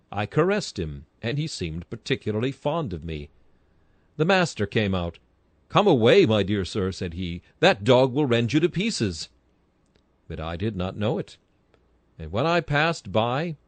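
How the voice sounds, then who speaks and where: A man's voice: lowish voice, dry recording. A man delivering an old-fashioned sermon with earnest oratory and sudden rises in emphasis. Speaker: preacher. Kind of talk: sermon reading.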